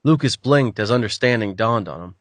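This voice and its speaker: A man's voice: fairly low pitch, brisk, no room sound. Male audiobook narrator with a dry, close sound. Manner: even, storytelling delivery. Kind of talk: scripted narration.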